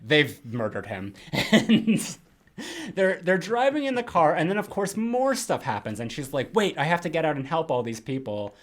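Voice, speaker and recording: A young man rants about a film on a casual podcast, slipping in quick mocking impressions of its characters. His voice sits a little high and swings widely in pitch. He rambles with lots of fillers and restarts. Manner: animated, mocks characters in put-on quotes, rambling with many fillers. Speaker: podcast co-host.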